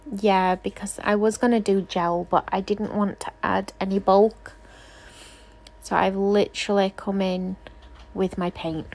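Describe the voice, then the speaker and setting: A woman's voice: medium pitch, darkish tone. A woman nail technician doing a casual, rambling tutorial voice-over, chatty and self-deprecating, often apologizing.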